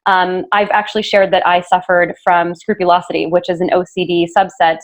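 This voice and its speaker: A woman's voice: lowish voice, flat delivery, a little fast. A woman hosting a podcast interview, talking in an earnest, casual way with many fillers and self-corrections. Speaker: podcast host interviewing a guest.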